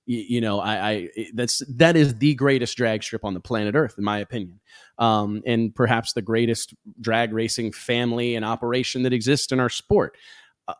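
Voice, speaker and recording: A man's voice: medium pitch, dry recording, studio quality. A man hosting a talk show in casual chat, talking emphatically and firing off rhetorical questions.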